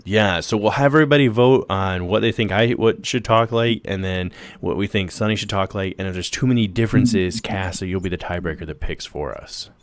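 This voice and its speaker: A man's voice: sits low, fairly quick, few pauses, dry recording. A man hosting a casual late-night livestream, goofy and laughing as he tells stories and sets up games. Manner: goofy, laughing, animated storytelling. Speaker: podcast host.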